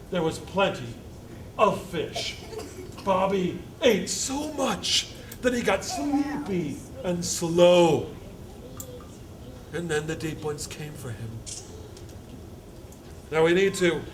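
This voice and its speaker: A man, a university instructor, reading a picture book aloud to a live audience, halting with fillers and joking asides. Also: fairly high pitch, slight background noise.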